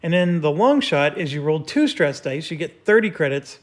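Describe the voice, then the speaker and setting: A man's voice: a little high, sing-song, normal speed. A man hosting a board game playthrough, explaining each move step by step with frequent fillers. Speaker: host.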